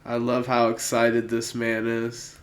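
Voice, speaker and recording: A man's voice: mid-range voice, completely flat delivery, takes it slowly, loud music behind the voice. A man hosting a podcast in casual chat, laid-back and amused. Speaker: podcast host.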